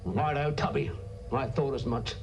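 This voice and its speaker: An actor playing a gruff, bossy male sewage worker on a spaceship who scolds and drops his voice low on insults. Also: steady tone, normal speed, slight background noise, close to an everyday voice. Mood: scolding.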